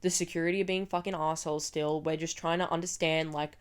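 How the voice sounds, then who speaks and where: Lower-voiced woman ranting vlog story. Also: fast talker, clean tone. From Australia. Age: 20s. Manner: ranting, heavy swearing, animated. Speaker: vlogger.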